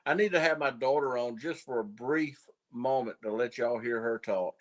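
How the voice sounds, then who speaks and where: A man's voice: medium pitch, normal speed, crowd noise. A middle-aged man from South Georgia with a Southern accent, chatting in a folksy, easygoing way as a livestream guest. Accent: Southern American. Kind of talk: casual livestream chat.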